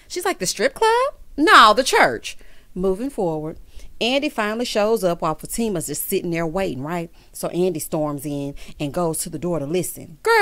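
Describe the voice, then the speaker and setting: A woman's voice: fairly high pitch, no echo. A woman doing a sassy recap of a TV episode, calling the listener child and honey and acting out the characters' lines. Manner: mimics the characters in quoted asides. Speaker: TV recap host. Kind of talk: casual recap commentary.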